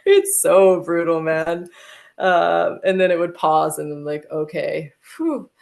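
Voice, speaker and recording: A woman's voice: fairly low pitch, fairly even intonation, unhurried, vocal fry, darkish tone. An American woman telling a vivid, emotional personal story as a podcast guest, with many "like"s. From United States.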